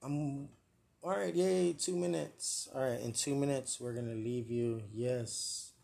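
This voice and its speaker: A man's voice: medium pitch, steady tone, measured pace, gravelly, darkish tone. A man hosting a live comedic podcast, rambling, joking and swearing at himself. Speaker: podcast host. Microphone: earpiece and mic, live stream.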